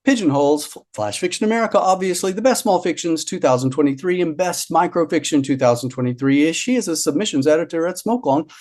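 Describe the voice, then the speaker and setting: A man's voice: fairly high pitch, expressive, fast, few pauses, darkish tone. A man hosting a reading event, chatting enthusiastically with filler words and introducing the next author.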